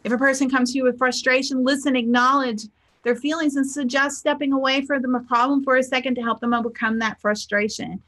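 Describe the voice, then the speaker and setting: A woman's voice: high-pitched, flat delivery, brisk, a bit bright. A middle-aged woman, a spiritual teacher and life coach, giving a chatty motivational talk and acting out the people in her stories. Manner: chatty storyteller, acts out quotes.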